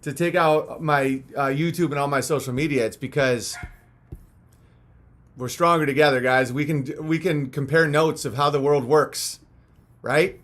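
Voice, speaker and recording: A man's voice: fairly high pitch, fairly even intonation, unhurried, a bit bright. A man hosting a live stream in a casual, rambling, crude and jokey way, reading out viewer messages, a little punch-drunk after hours of talking.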